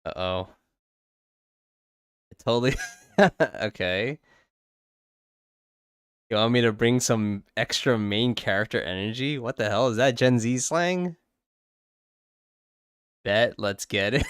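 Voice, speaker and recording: A man's voice: medium pitch, takes it slowly, pauses often, clear, resonant tone, dry recording, studio quality. A man hosting a casual drawing livestream, joking and exasperated and swearing freely as he chats. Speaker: livestream host. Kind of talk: casual chat while drawing.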